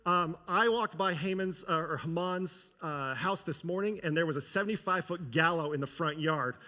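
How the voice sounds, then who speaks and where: A man's voice: a little high, pushed and bright, long reverb tail. A pastor playing a palace servant who casually reports what he saw, with fillers and restarts. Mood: offhand. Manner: offhand, halting, with fillers.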